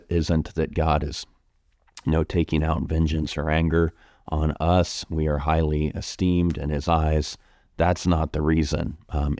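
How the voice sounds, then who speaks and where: A man, a pastor with an American accent, answering questions from his congregation in a gentle, reflective way with frequent ums and restarts. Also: very deep voice, no echo, studio quality. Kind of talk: pastoral Q&A talk.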